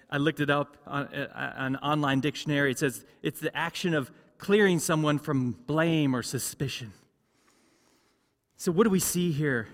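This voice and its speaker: A male pastor delivers an earnest sermon in a somewhat higher voice. He drives his points home by repeating key phrases. The voice rings out with a long church reverb. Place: large church sanctuary.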